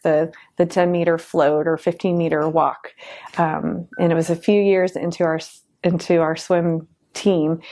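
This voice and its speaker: Woman coach, casual interview talk, lowish pitch, chatty and full of fillers. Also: darkish tone. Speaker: Special Olympics swim coach.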